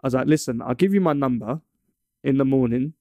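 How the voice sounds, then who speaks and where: A man's voice: mid-range voice, fairly quick, warm tone, dry recording, clean studio sound. A young man from England in casual chat, telling a long story with many stumbles and restarts. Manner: rambling, stumbles and restarts often.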